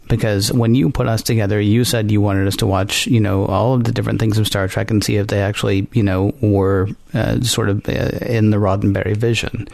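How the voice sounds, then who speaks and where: A man's voice: fairly low pitch, gravelly, a little mellow, no room sound. A man co-hosting a podcast, thinking aloud in casual talk and rambling through restarts. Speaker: podcast co-host.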